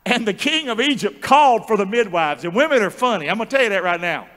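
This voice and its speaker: A male pastor preaching a sermon with animated call-and-response and joking asides in a large church. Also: high-pitched, fast talker. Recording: long church hall reverb.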